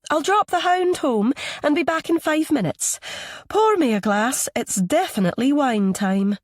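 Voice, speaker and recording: A man voicing a brisk, cheery posh Scottish woman in a high, breezy voice. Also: expressive, no room sound, studio quality.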